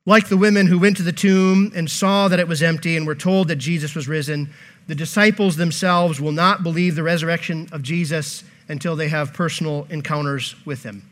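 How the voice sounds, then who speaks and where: A male pastor preaching a sermon in an emphatic, animated way, with joking asides. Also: fairly high pitch, fairly quick.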